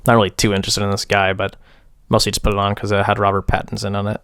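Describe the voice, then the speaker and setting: Low, flat-voiced man rambling about movies. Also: very fast, clear, resonant tone, no echo, clean studio sound. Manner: rambling, filler-heavy, wry and dismissive. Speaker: movie review host. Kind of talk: casual film review chat.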